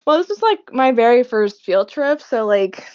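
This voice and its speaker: A woman's voice: on the high side, lively intonation, normal speed, darkish tone, clear, resonant tone. A young woman in casual chat as a podcast co-host, telling rambling stories with frequent laughs. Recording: dull lo-fi sound.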